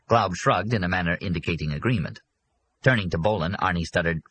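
A man narrating an audiobook with an expressive reading. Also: deep voice, fairly quick, breathy edge.

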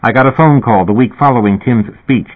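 A man reading a first-person novel aloud in a measured, dry storytelling manner. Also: mid-range voice. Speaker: audiobook reader. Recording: tinny phone-like audio.

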